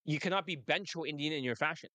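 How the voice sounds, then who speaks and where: A man's voice: fairly high pitch, fast talker, sharp tone, no room sound. A man working as a dating coach, talking in a brash, rambling way and laughing often. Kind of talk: casual monologue and phone chat.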